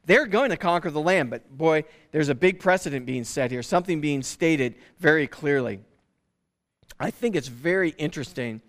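A man preaching a sermon from the pulpit in a lively, conversational way. His voice sits high for a man, and he often restarts his sentences as he goes. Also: normal speed. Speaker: pastor.

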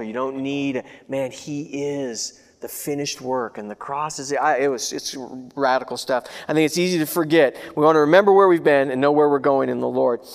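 Speaking in a mid-range voice, this male pastor preaches with earnest, conversational repetition, alternating booming proclamations with quiet recollection. The hall around him leaves a long reverb.

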